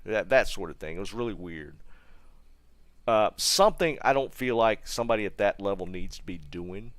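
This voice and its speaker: A man's voice: lowish voice, lively intonation, moderate pace, dry recording. An American man casually telling a long personal story while streaming, rambling with restarts and asides to viewers. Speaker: gaming streamer.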